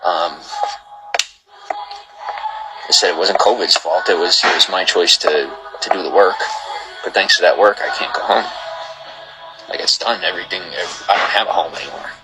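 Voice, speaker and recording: A man's voice: low-pitched, fairly even intonation, normal speed, long pauses, over music, low-quality recording. A man hosting a livestream, chatting casually and greeting viewers, getting heated and rambling as he repeats himself. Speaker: livestream host. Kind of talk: casual livestream chat reading viewer comments.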